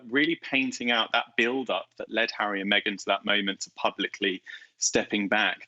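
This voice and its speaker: A man with a low, bright, forceful voice gives measured, articulate answers as an interviewed author. The sound is dry and a little muffled, like a remote call. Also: no echo. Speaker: guest author.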